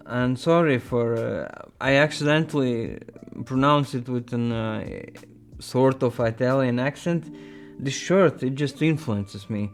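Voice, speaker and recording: A man hosting a casual show, reading viewer emails aloud and adding playful asides. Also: medium pitch. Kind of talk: casual chat.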